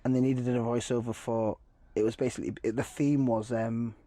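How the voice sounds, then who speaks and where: Chatty laughing English man, mid pitch. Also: fairly even intonation, dark tone, no echo. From England. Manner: chatty, laughs often, quick asides. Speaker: podcast guest. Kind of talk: casual chat.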